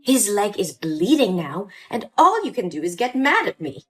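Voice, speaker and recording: A woman's voice: mid-range voice, sing-song, normal speed, slightly rough, soft background music. A woman voicing a scheming, manipulative older mother in a dramatized story, sweet on the surface and cold underneath. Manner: sweet at first, then cold and dismissive. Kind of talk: scripted story voice acting.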